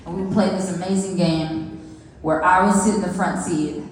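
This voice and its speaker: A woman's voice: on the low side, steady tone, normal speed. A woman in her thirties telling playful stand-up stories, chatting straight to the crowd on a comedy club stage. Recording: echoey live room with long reverb.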